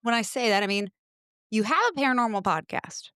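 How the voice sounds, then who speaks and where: A woman's voice: medium pitch, fairly quick, a bit bright, clear, resonant tone, no echo, clean studio sound. A woman from the United States, hosting a casual chat with a playful, teasing manner. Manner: playful, teasing, laughs often. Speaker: podcast host.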